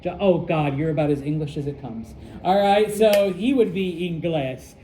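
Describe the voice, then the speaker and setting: Casting: middle-aged American man, chatty classroom teacher, slightly high, mellow tone. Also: moderate pace, low-quality recording. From United States. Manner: chatty, rambling, full of fillers and check-ins. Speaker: Spanish teacher. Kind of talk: casual classroom lesson.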